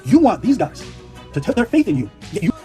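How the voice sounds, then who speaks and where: A man's voice: sits high, big pitch swings, fairly quick, mellow, soft background music. A man ranting in a clip, brash and mocking, heated and full of laughter. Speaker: online commentator. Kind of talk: profane reaction rant.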